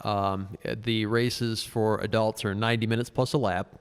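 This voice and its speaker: A man co-hosting a podcast, telling a race story in casual chat and acting out quotes in a high voice. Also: level tone, normal speed, clear, resonant tone, big-room sound. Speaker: podcast co-host.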